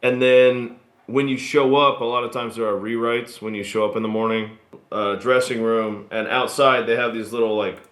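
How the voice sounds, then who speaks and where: A man born in Australia and raised in Texas, telling stories as a guest in a casual interview, relaxed and rambling with fillers. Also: medium pitch, moderate pace. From born in Australia, grew up in Texas. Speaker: guest actor. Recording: roomy echo.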